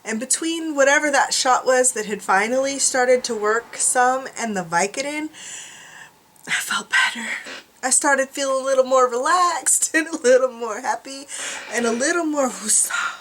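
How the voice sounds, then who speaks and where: Woman vlogger, higher voice, chatty, self-mocking, laughs often, at home. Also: moderate pace, fairly bright tone, a little hiss or hum. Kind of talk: casual chat to camera. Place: room at home.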